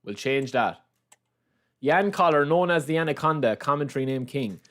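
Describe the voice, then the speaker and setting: A man with a somewhat high voice runs a casual live stream, talking to his viewers as he plays. He teases the chat, calls everyone lads and repeats his lines as he rambles along. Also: animated, moderate pace, a bit bright. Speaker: gaming livestreamer.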